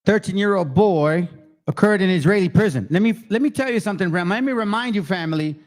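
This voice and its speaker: A man's voice: high voice, animated, quick pace. Angry, profane man ranting. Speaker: commentator. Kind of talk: heated commentary on clips.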